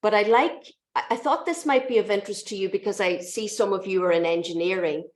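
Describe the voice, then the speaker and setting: A woman's voice: medium pitch, a little fast. Chatty Irish woman lecturing over a call. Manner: chatty, self-correcting, frequent restarts and ums. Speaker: mathematics lecturer. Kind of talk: online conference talk. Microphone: video call. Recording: echoey room.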